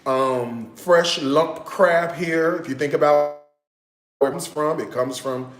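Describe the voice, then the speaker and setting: A man's voice: a little high, slow. Chatty man with a drawl. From United States. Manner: chatty, drawling, emphatic with "okay?" and "y'all". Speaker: cooking livestreamer. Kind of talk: casual livestream chat. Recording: echoey room.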